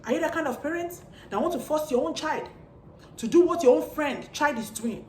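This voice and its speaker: High woman, preachy vlog address to parents, repetitive rhetorical questions, echoey room. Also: lively intonation, fairly quick, slight background noise. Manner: repeats pointed rhetorical questions. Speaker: parenting vlogger.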